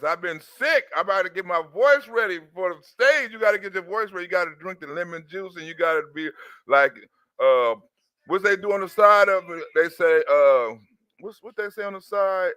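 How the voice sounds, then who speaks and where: A man with a high voice that is still slightly sore from a recent cough rants to his viewers. His talk is loose, crude and animated, and his tone is bright and forceful. The sound is dry, with faint music underneath. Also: normal speed, clear, resonant tone, no echo. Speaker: channel host. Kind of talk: casual political rant to viewers.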